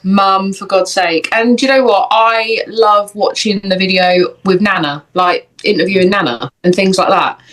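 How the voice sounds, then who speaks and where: A young woman chats on a podcast. She keeps it loose and jokey, running one thought into the next. Her voice sits at a middle pitch. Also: normal speed, hardly any pauses, a bit bright, rough recording. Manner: chatty, jokey, talks in run-on bursts. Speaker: podcast co-host. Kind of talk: casual chat.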